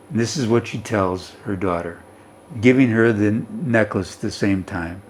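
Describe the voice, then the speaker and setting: A man's voice: on the low side, unhurried. A male teacher reading and explaining a story, who keeps checking in with his students.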